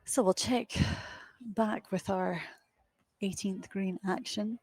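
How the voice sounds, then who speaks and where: A woman's voice: medium pitch, fairly even intonation, slow pace, darkish tone, husky, no echo. Young woman, live golf commentator, windy outdoor course, chatty and self-mocking, dry close sound. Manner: chatty, self-deprecating, laughs at herself.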